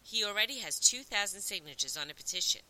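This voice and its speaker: A woman's voice: medium pitch, lively intonation, fast talker, sharp tone, poor audio. A woman voicing a confident, persuasive twelve-year-old boy in an audiobook, polite and earnest. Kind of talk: audiobook reading.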